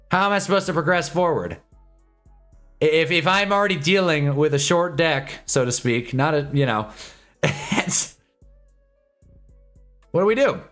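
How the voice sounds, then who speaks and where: A young man in his twenties chats loosely on a live stream, rambling from one joke to the next and laughing often. His voice sits a bit high for a man and swings up and down a lot, with faint music playing behind him. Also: fairly bright tone. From Southern California. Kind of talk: casual live-stream chat.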